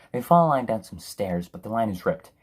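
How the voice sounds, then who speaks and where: A man's voice: fairly low pitch, very animated, moderate pace, slightly rough. A man reviewing a film in a sarcastic, profane, exasperated rant. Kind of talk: ranting film review commentary.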